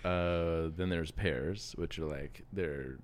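A man's voice: low voice, takes it slowly. A man co-hosting a podcast, playful and joking in casual chat. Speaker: podcast co-host.

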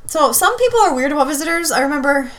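A woman's voice: high voice, very animated, quick pace. A heavily pregnant woman co-hosting a podcast in casual chat, blunt and chatty, laughing often. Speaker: podcast co-host.

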